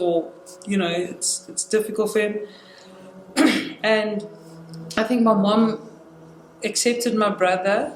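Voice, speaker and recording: A young woman telling a personal story in casual conversation. She retells it with energy and acts out the quoted dialogue. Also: medium pitch. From South Africa. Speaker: guest sharing a personal story. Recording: roomy indoor sound with faint noise.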